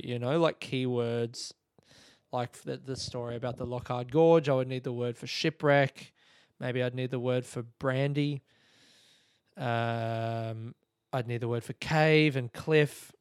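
A man's voice: medium pitch, clean tone, dry recording, studio quality. Sleepy rambling man hosting a podcast. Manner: rambling, sleepy, profane and self-mocking. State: tired and yawning. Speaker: podcast host. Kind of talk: casual late-night monologue. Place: his room at night. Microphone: podcast microphone.

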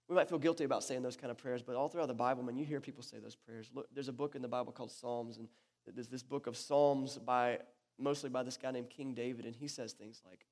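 In an echoey church hall, a male pastor with a mid-range voice preaches at a quick pace. His sermon is conversational and lively, full of restarted sentences.

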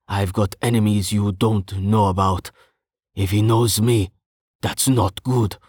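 Guy doing a jumpy archer dude, hissy and accusing, pitched up a bit, dry sound. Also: fairly even intonation, slow pace, darkish tone, husky, no room sound. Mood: tense. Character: wary hot-tempered male archer.

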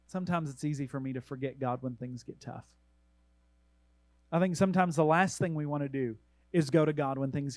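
Man, pastor, sermon, high voice, earnest and emphatic, measured scripture reading, dry close sound. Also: a little mellow, no room sound, poor audio. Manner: earnest preaching with emphatic exhortations; reads scripture aloud in a measured way.

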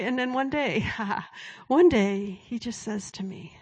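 A woman shares a personal story from the pulpit in a sermon-style testimony. Her voice sits in a middle pitch and moves between easy, chatty telling and soft, hushed whispers when she quotes divine words. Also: moderate pace. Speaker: speaker at a Christian event.

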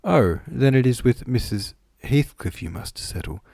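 A man reading an audiobook, voicing a brisk, motherly older housekeeper woman who bustles about. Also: medium pitch, expressive, vocal fry, warm tone, dry recording, studio quality, pitched above the performer's own voice.

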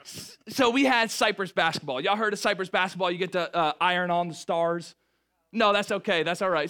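A young man preaching a sermon, lively and joking with the crowd, often stumbling over and restarting his words. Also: sits high, fairly quick. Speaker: pastor.

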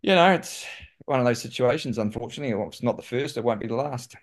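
A man with a New Zealand accent, a guest telling lively stories in casual conversation and saying "mate" often. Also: mid-range voice, quick pace. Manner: animated, says "mate" often. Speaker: guest, former pro cyclist. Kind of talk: casual storytelling.

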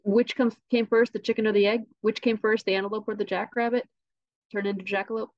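A woman guesting on a podcast, telling tall tales about a mythical animal with a deadpan delivery. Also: medium pitch, fast, no echo, highs cut off. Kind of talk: tongue-in-cheek podcast interview.

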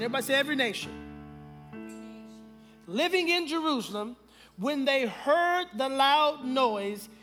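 A pastor with a strikingly high voice delivers his sermon, calling on the congregation to answer back. His delivery moves from quiet, slow emphasis to loud declarations. A faint bed of music sits under his voice. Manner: preaching with call-and-response to the congregation; swings from hushed to loud with slow emphatic phrases.

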